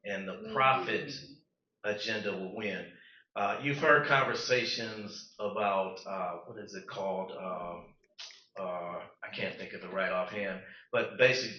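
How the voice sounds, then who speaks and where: A man's voice: on the low side, sharp tone. A man speaking as a panelist at a community event, serious and urgent, with frequent ums. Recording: roomy, dull, distant recording.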